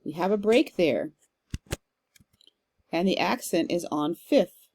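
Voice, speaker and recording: A woman teaching a literature class in a recorded lecture, talking casually and reading verse aloud with a slow stressed rhythm. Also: on the low side, lively intonation, gravelly, a little mellow, slight background noise. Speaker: literature instructor. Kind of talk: recorded lecture on poetic meter.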